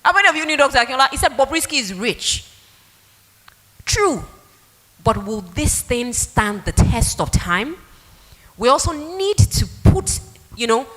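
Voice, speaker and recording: A woman giving a public talk to parents, telling stories and acting out the dialogue. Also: a little high. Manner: animated storytelling, acts out dialogue. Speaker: speaker at a parenting event. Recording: long hall reverb.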